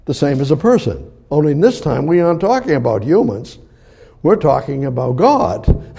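Male preacher, husky and gravelly, dark mellow tone, emphatic and repetitive sermon delivery, loud peaks and hushed lows. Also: very animated, unhurried, pauses often. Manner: emphatic, repetitive, swings between loud declarations and soft near-whispers.

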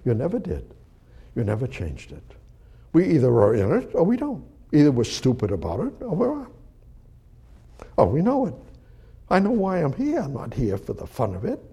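A man's voice: medium pitch, wildly swooping pitch, moderate pace, pauses often, mellow, breathy edge. A man preaching a sermon in a church, reading Bible verses and asking God rhetorical questions. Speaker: pastor. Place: church service.

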